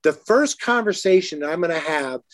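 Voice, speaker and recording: Animated high-voiced man telling stories. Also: moderate pace, no room sound, studio quality. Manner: animated, acts out quotes in lively higher voices. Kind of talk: casual storytelling chat.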